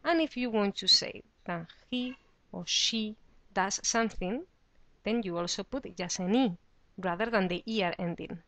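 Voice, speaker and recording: A woman's voice: medium pitch, moderate pace, fairly bright tone, no echo. A woman teaching a beginner lesson, explaining patiently and saying the example words with careful pronunciation. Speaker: Spanish teacher. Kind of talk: slow, clear teaching explanation.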